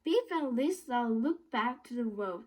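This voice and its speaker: Halting Korean-accented woman reading a storybook. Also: on the high side, animated, darkish tone. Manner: halting, stumbles and corrects words. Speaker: storybook reader. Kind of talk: reading a children's book aloud.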